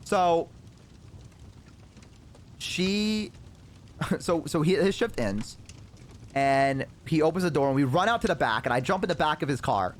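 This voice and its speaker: A man streamer spins a casual story, rambling along with lots of fillers and the odd curse word. His voice sits a bit high for a man and swings widely in pitch as he talks. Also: lively intonation, a little slow, long pauses, slight background noise.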